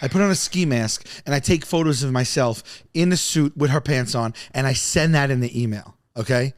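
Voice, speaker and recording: A man telling a long comic story on a podcast, rambling and animated, often stumbling over his words. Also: medium pitch, normal speed. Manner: rambling, animated, self-interrupting.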